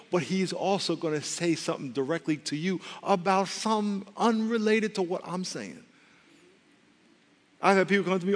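A male pastor preaches in a loose, conversational way, cracking jokes and tossing asides to the room. His voice sits a little high, and a long reverb from a large hall trails behind every phrase. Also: a bit bright. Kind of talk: sermon.

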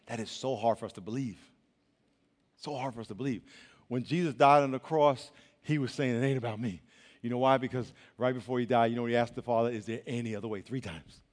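A young man preaching as a youth pastor, animated and colloquial, swinging between loud and hushed. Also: mid-range voice, fairly quick. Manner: colloquial, says y'all. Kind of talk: sermon. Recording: long reverb of a large hall.

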